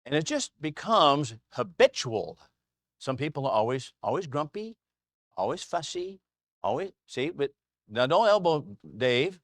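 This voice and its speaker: A man's voice: on the high side, sing-song, measured pace, no room sound. A man teaching a casual Bible class to a small group in a church classroom, chatty and anecdotal, chuckling often.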